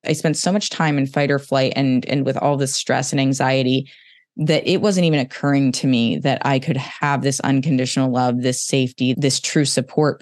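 A podcast host in conversation, speaking candidly and emotionally, often in quick bursts. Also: medium pitch, darkish tone, dry recording, clean studio sound.

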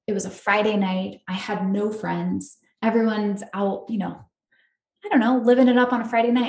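A woman's voice: medium pitch, a little mellow, reverberant. A woman hosting a podcast, telling her own story in an earnest, emotional way with many fillers. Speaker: podcast host.

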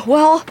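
A woman playing an eager, excitable co-host in a scripted kids' comedy podcast. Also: sits high, creaky, background noise, exaggerated voice. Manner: bubbly, eager and easily excited. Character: cheerful, excitable adult woman named Mabel.

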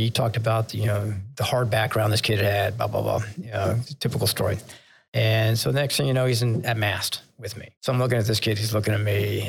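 A retired naval officer, now an older man and a retired vice admiral, speaks in a fairly low voice with vocal fry. As a podcast guest, he recounts honest leadership stories in a storytelling interview, laughing at himself and getting choked up.

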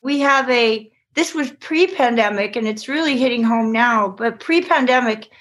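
High-voiced woman, lively storyteller. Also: moderate pace. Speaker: children's book author. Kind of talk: interview guest telling her story.

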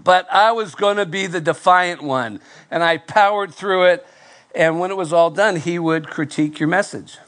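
A male pastor preaching to a live congregation, telling a self-deprecating story in a nasal, fairly monotone voice with halting restarts. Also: sits high. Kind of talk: sermon with personal story. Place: church before live congregation.

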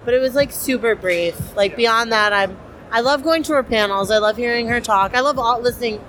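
A woman's voice: on the high side, a little fast, fairly bright tone, a little hiss or hum. A young woman cosplayer, chatty and enthusiastic with many fillers, interviewed at a convention. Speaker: cosplayer guest.

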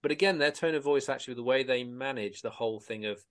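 A man's voice: medium pitch, fast talker, fairly bright tone. A man hosting a casual podcast discussion, talking in a rambling way with many restarts and repeated words.

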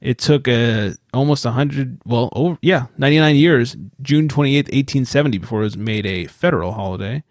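A man's voice: mid-range voice, fairly quick, hardly any pauses, no room sound, clean studio sound. A man co-hosting a podcast in casual chat, joking and rambling and swearing now and then. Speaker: podcast co-host.

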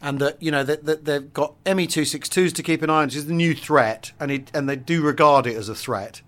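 A man co-hosting a relaxed history podcast. His voice sits a little high, and he talks in a loose, rambling way, restarting his sentences and filling the gaps with "you know" and "um". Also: a little fast. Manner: rambling, many restarts and fillers. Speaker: podcast co-host. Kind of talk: casual history chat.

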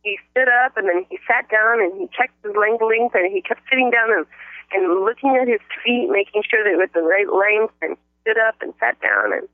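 A woman on a phone line telling a personal testimony in an animated storytelling way. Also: medium pitch, normal speed, dry recording. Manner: animated, acts out quotes in a raised voice.

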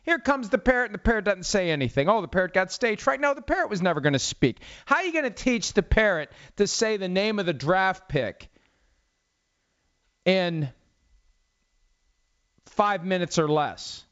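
A man's voice: sits high, big pitch swings, moderate pace, long pauses, fairly bright tone. A middle-aged man hosting a football talk show, telling stories in a rambling, wry, sarcastic way. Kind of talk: casual sports commentary monologue. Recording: slightly dull lo-fi audio.

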